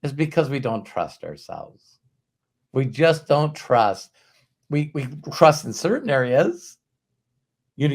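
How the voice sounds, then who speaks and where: Animated middle-aged man telling stories. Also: mid-range voice. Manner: animated storytelling, acts out quotes, swears. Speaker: host. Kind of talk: motivational talk.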